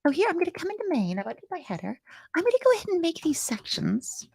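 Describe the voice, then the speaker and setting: A woman's voice: very high-pitched, very animated, fast, gravelly, a little mellow. A woman teaching a live-streamed coding lesson, chatty and playful, thinking aloud and answering chat comments. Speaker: coding bootcamp instructor.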